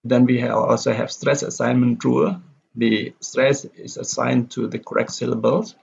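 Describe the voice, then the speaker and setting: A male lecturer explaining step by step in a recorded lesson, halting with fillers and self-corrections, a non-native speaker whose first language is Indonesian. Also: mid-range voice, gravelly, darkish tone, breathy edge. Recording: dull lo-fi recording.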